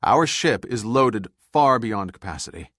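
A deep-voiced man as a commanding sea captain. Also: animated, unhurried, fairly bright tone, no echo, studio quality. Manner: firm, direct. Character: bold male sea captain, calm and commanding. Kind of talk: audiobook character reading.

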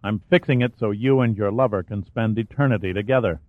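A callous murderer, voiced by a male narrator, speaking with cold, pitiless calm. The read is dry and close, filtered down to a narrow, phone-like band. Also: lowish voice, brisk, dry recording, lightly acted. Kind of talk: audiobook character voice. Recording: dry, tinny phone-like sound.

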